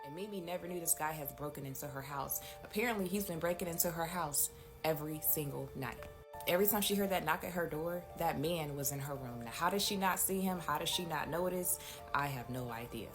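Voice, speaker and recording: Brief: woman storyteller, chatty, a bit low-pitched, talks to viewers, music under her voice. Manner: chatty, addresses viewers directly. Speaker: storytime host. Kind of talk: casual storytime narration. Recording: music playing behind the voice.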